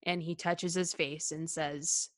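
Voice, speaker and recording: With a deep, level voice and an unhurried pace, a woman co-hosting a podcast talks through a film scene. The chat is casual and heartfelt, full of ums, restarts and frequent laughter, her manner hesitant but earnest.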